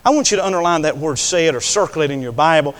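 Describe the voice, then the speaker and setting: An older male preacher delivering an impassioned sermon, swinging between hushed words and loud declarations. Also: fairly high pitch, lively intonation, fast talker. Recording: long hall reverb.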